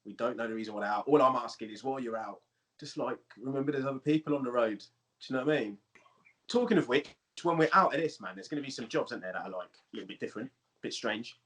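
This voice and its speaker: A man co-hosting a podcast in easygoing, casual chat. He rambles through his thoughts at mid pitch, dropping slang as he goes. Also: quick pace, fairly bright tone. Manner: laid-back, rambling, slang-heavy. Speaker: podcast co-host.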